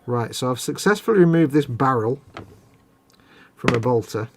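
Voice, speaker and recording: A man's voice: medium pitch, expressive, moderate pace, creaky, slight background noise. A man hosting a live stream, chatting casually and joking at his own expense while he describes his model building. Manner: chatty, self-deprecating, narrating his work. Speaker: host.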